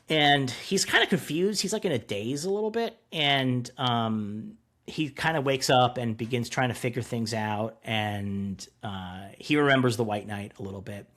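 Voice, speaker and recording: A man's voice: medium pitch, fairly bright tone. A man co-hosting a podcast, casually recapping an episode in a rambling way, acting out quoted lines and swearing freely. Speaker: podcast co-host.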